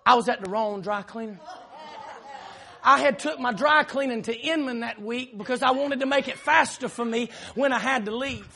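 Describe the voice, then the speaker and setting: A middle-aged man with a Southern accent preaching a sermon in church, telling a long story with frequent "uh" fillers and loud shouted peaks. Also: very high voice, normal speed. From South Carolina.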